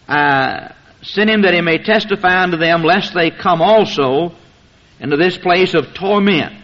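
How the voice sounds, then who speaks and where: A man's voice: sits high, a little slow. Preacher man, muffled old sermon tape. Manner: solemn, emphatic preaching in King James phrasing. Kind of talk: sermon with scripture reading.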